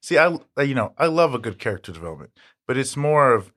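A man's voice: mid-range voice, sing-song, fast, fairly bright tone. A man guesting on a podcast in casual chat, asking questions and thinking aloud hesitantly.

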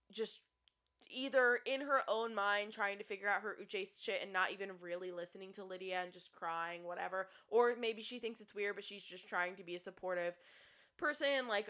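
A young woman in casual podcast chat, spilling reality-show gossip in an animated rush. Her voice is bright and forward, and she swears freely. She holds a mid-range pitch that is typical for a woman. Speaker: podcast co-host.

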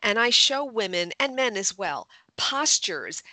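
Woman coach, bright and assertive, dry studio sound. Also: medium pitch, sing-song, a little slow, no room sound. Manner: confident, emphatic, instructive. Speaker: communication coach. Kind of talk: advice in a radio-style interview.

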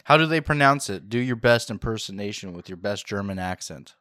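A man's voice: lowish voice, expressive, a little fast, fairly bright tone, no echo. A man co-hosting a podcast in casual chat, cracking dry, teasing jokes. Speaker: podcast co-host.

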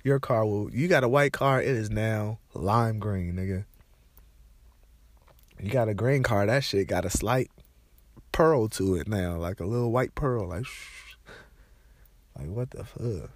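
Pausing often and speaking a little slowly, a young man with a congested voice tells loose, profane stories in an animated, ranting way. His pitch is fairly low, with no echo.

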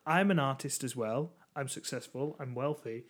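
A man's voice: medium pitch, moderate pace, a bit bright, breathy edge. A man co-hosting a podcast, summing up in a rambling, reflective casual chat. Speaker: podcast co-host.

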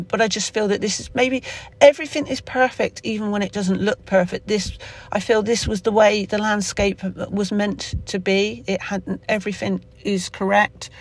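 A podcast host with a Somerset accent talking off the cuff in a solo episode, rambling with lots of fillers and restarts. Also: mid-range voice. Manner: rambling, with many fillers and self-corrections. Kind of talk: unscripted solo podcast monologue.

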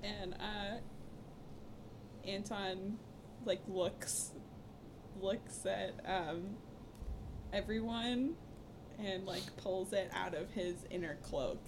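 A woman playing a tabletop game, describing her actions hesitantly and softly, with faint noise behind. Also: medium pitch, steady tone, very slow, long pauses. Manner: hesitant, soft narration. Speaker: player. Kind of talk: casual tabletop role-play.

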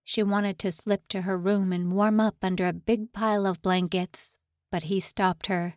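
A woman narrating a suspense novel in a measured, even reading. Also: medium pitch, no echo, studio quality. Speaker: audiobook narrator. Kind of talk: scripted narration.

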